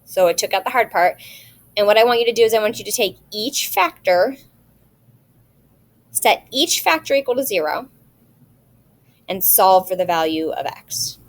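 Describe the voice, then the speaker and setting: A woman's voice: mid-range voice, normal speed, pauses often. A woman math teacher recording a video lesson, explaining each step patiently and checking in with rhetorical questions.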